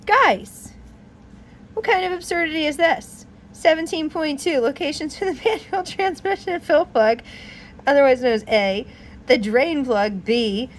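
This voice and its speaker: Chatty laughing woman with a higher voice. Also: slight background noise. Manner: chatty and animated, laughs often, exasperated asides. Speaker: DIY car repair vlogger. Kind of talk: casual how-to explanation, reading a repair manual aloud.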